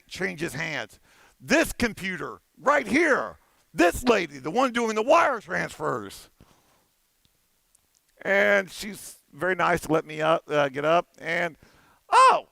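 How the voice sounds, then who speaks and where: A man on a conference stage tells a story, animated and playful, slipping into the voices of the people in it. His voice sits high and bright with a gravelly edge. The sound is dry and close. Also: no echo. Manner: animated, playful, acts out dialogue. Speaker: conference keynote speaker.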